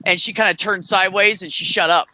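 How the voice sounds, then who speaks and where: A woman's voice: medium pitch, fairly even intonation, fast, pushed and bright, dry recording, low-quality recording. A woman in her forties casually telling a heated story, swearing often and acting out quoted dialogue. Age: 40s. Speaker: streamer.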